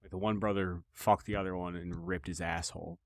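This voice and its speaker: A young man with a fairly low voice tells stories the way he would among friends. He curses freely, restarts sentences and repeats himself for effect. His voice sounds close and dry, with no room around it. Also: a little fast, creaky, dry recording. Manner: profane, animated, repeats himself. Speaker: podcast host. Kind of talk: casual comedic storytelling.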